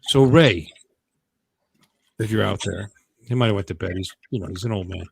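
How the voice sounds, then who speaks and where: A man's voice: on the low side, normal speed, gravelly, slightly rough, no room sound. A man hosting a casual livestream chat from home, rambling and joking, often stopping himself mid-sentence. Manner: rambling, jokey, self-interrupting. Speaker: host.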